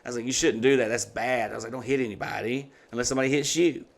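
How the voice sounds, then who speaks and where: Cussing guy in his 30s, animated storytelling on a podcast, mid-pitch voice. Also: racing, gravelly. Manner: profane, animated retelling with put-on quotes. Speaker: podcast host. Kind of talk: casual storytelling chat.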